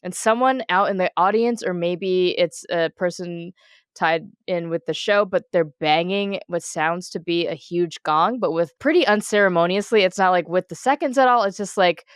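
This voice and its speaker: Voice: mid-range voice, normal speed, clear, resonant tone, no echo, clean studio sound. A podcast co-host in casual chat, animatedly recapping a match, laughing often and swearing casually.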